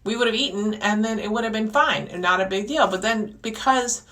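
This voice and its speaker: A podcast host with a mid-range, fairly bright voice vents casually in a rambling, frustrated monologue. She speaks a little fast and keeps restarting her sentences.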